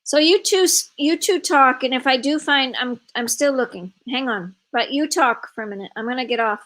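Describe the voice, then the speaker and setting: A woman hosting a live online event, telling a travel story in a casual, animated way over a video call. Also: sits high, rough recording. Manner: animated, quick bursts of storytelling with laughs.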